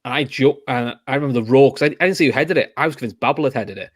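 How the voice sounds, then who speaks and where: A man's voice: medium pitch, rapid-fire, dry recording. A young man with a Liverpool accent tells football stories on a casual podcast. He talks in a middle register and acts out how people reacted as he goes. The sound is close and dry, with no room around it. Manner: animated storytelling, acts out reactions. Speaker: podcast host.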